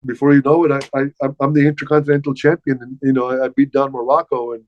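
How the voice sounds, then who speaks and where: An older man, a former wrestler, telling stories as an interview guest in a lively way, stumbling over and repeating his words. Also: mid-range voice, fast talker. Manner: animated, repeats words while recounting past dialogue. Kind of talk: casual storytelling. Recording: dull, slightly muffled dry sound.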